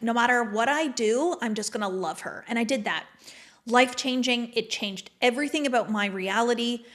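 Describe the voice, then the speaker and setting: A woman's voice: a little high, fairly bright tone. A woman speaking candidly and reflectively as a podcast guest, in casual conversation full of "like" fillers. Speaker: podcast guest, manifestation mentor.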